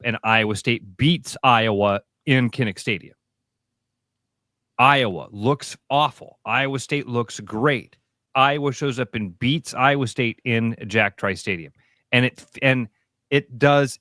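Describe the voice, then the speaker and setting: A man's voice: medium pitch, a bit bright, no echo, studio quality. A man co-hosting sports radio, talking animatedly with frequent restarts and some swearing.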